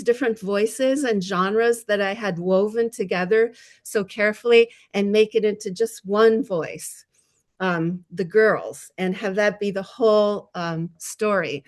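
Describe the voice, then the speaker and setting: Woman, novelist, panel discussion, reflective, self-deprecating, mid-pitched voice. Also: measured pace.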